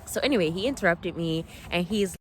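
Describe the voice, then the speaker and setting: Rambly excited woman vlogging on her phone outside by the water, kinda lowish voice, keeps saying sorry. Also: brisk, slight background noise. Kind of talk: casual rambling storytelling. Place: outdoors by water at sunset. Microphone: phone held above the water.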